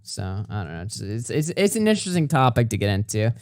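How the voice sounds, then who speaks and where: A man's voice: on the low side, big pitch swings, fast talker, a little mellow, no echo, studio quality. A man hosting a podcast in casual chat, swearing freely and often laughing as he talks. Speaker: podcast host.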